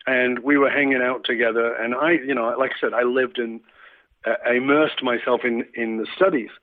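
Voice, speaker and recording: A man's voice: medium pitch, fairly even intonation, fairly quick, slight background noise. A man from England telling a reflective story in conversation, with many fillers and restarts. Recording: tinny phone-like line.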